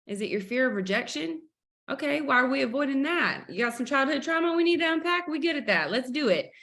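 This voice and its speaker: A woman's voice: high-pitched, animated, fast talker, fairly bright tone. A woman hosting a sales team video call, upbeat and preachy, acting out family stories as she motivates her team.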